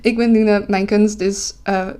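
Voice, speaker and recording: A woman's voice: medium pitch, flat delivery, moderate pace, mellow, clean tone. A young woman with a Dutch accent chats on her live stream in an easy, casual way. She sounds tired, laughs a lot, and stops to correct herself and say sorry. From Netherlands. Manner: giggly, self-correcting, apologetic.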